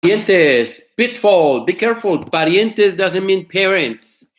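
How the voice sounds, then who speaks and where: A man teaching an online class, explaining words slowly, repeating them and asking his students questions. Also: sits high, expressive, roomy sound. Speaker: Spanish teacher. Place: home studio.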